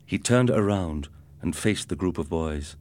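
Narrator: middle-aged man, very low voice, lively intonation, steady storytelling. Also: a little slow, no room sound.

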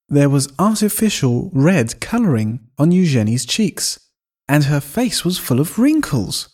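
Man narrating a story with lively pitch. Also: a little slow. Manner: expressive first-person storytelling.

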